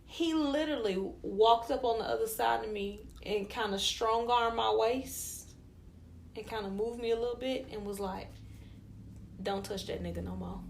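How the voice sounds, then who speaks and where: A woman co-hosting a podcast, telling a story in casual chat, animated and profane, laughing as she goes. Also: a little high, moderate pace, creaky, slight background noise. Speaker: podcast co-host.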